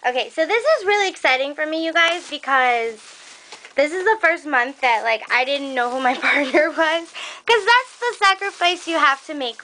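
A young woman excitedly unboxing craft gifts for her viewers, gushing, gasping and laughing as she talks. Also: high voice, normal speed. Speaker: crafting vlogger opening a swap package. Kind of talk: casual unboxing chat.

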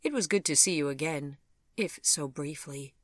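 A woman voicing a calm, mild-mannered man, speaking quietly and gently in a storybook reading. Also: deep voice, moderate pace, no echo, studio quality.

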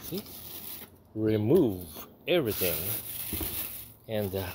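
A man casually unboxing a product, reading the label aloud and breaking into excited asides, at home in New Zealand. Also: mid-range voice, takes it slowly, long pauses, slight background noise. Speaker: unboxing vlogger.

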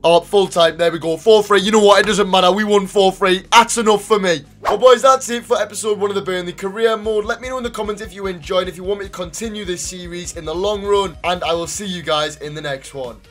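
Excitable young gamer, high voice. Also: male voice, fast, hardly any pauses, soft background music. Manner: excitable, swears, sudden shouts and mutters. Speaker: gaming YouTuber. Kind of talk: live gameplay commentary.

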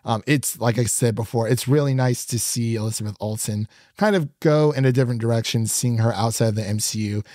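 A man's voice: medium pitch, brisk, hardly any pauses, a little mellow, dry recording, studio quality. A man co-hosting a podcast, chatting casually and laughing often as he rambles through a review. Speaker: podcast co-host.

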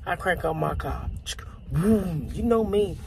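A man telling a comic story in an animated, profane way, with sound effects and asides. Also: high voice, moderate pace, vocal fry, noisy background. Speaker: comedian.

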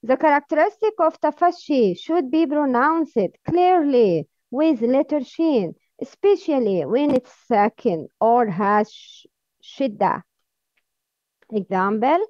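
A woman with a high voice and as her teaches a slow, patient pronunciation lesson. She sounds out each letter again and again, then sets the wrong forms against the right ones. The recording is dry and a little dull. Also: animated, a little mellow, no room sound. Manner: demonstrates sounds by repeating them, then corrects wrong versions. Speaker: Quran recitation teacher.

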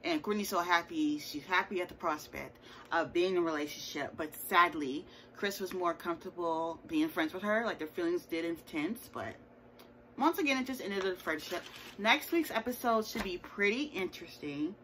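A woman's voice: lowish voice, normal speed, fairly bright tone, slight background noise, low-quality recording. Sassy woman recapping a TV episode. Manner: chatty and sassy, with playful asides. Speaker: TV show reviewer. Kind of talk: casual recap chat.

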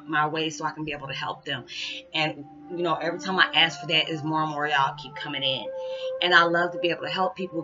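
Woman vlogger, rambling casual talk, lots of fillers, muffled audio, music playing behind. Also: sits low. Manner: rambling, many fillers, addresses viewers as y'all. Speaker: spiritual vlogger. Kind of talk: casual direct-to-camera talk.

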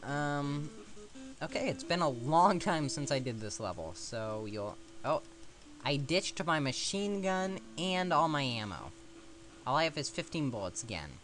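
A man narrates a retro game run in a lively, up-and-down voice, rambling between jokes at his own expense. Faint guitar music plays softly behind him. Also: fairly high pitch, measured pace. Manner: rambling, self-mocking asides. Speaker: let's play commentator. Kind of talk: casual gameplay commentary.

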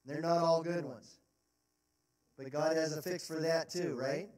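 A man's voice: a little high, steady tone, unhurried, a little mellow. A man preaching a sermon as pastor, earnest and emphatic, posing rhetorical questions in a church sanctuary. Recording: roomy sound from a distant mic.

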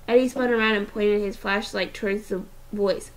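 A woman teacher reading a novel aloud, expressive and with small restarts. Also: mid-range voice, normal speed, hardly any pauses.

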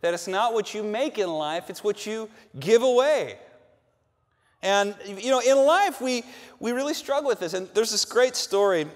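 Male pastor, higher voice, emphatic preaching style with lots of repetition; big sanctuary with long reverb. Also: lively intonation, moderate pace. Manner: emphatic, repeats phrases with rising force. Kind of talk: sermon. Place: large church sanctuary.

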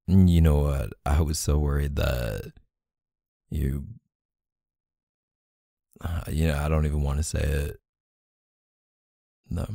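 A man speaks in a whispered role-play, his voice gravelly and very dark. He murmurs softly with affection and emotion, close and dry. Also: extremely low pitch, steady tone, takes it slowly, pauses often, no room sound. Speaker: ASMR boyfriend role-play creator.

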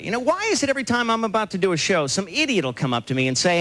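A man performing a stand-up comedy set on a club stage, firing off deadpan one-liners with sudden loud outbursts. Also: high voice, rapid-fire, hardly any pauses. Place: comedy club stage before a laughing audience. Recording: live club recording, loud crowd and noise.

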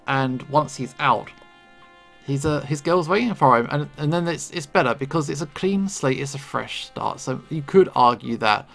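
A man's voice: medium pitch, animated, normal speed, vocal fry, fairly bright tone. A man giving rambling, casual commentary while playing a story game, stumbling over words with chuckling asides. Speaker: gaming video creator. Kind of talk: let's play commentary. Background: faint game music.

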